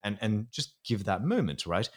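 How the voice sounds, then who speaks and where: Earnest man, lowish voice. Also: big pitch swings, moderate pace. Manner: earnest, explanatory, slips into acting out inner voices. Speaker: psychologist guest. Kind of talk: podcast interview.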